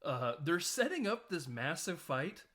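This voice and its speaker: A man hosting a casual film podcast, recapping scenes with quick quoted voices. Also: fairly high pitch, big pitch swings, fairly bright tone. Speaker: podcast host.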